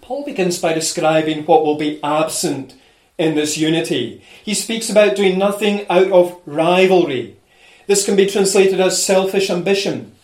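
High-voiced male preacher, echoey room. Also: moderate pace, a little mellow. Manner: repetitive, emphatic preaching in building lists; speaks frankly and directly to listeners. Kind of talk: sermon.

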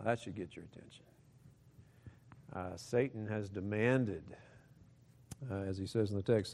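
Male preacher, mid-pitched, conversational sermon with joking asides, booming scripture readings. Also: darkish tone. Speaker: pastor.

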